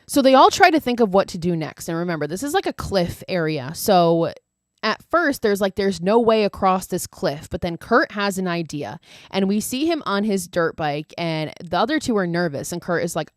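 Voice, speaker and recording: A woman's voice: lowish voice, lively intonation, moderate pace, dry recording, studio quality. A woman podcast host casually retelling a horror film's plot, chatty, full of "like" and casual swearing. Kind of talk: casual movie recap.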